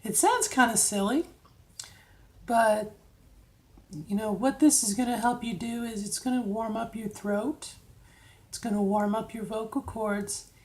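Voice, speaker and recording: Middle-aged woman, vlogger, friendly coaching tone, slightly high voice, keeps asking "okay?". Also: measured pace, pauses often, a little mellow. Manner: chatty, coaching, frequent "okay?" check-ins. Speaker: vlogger giving voice training tips. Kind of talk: casual instructional vlog.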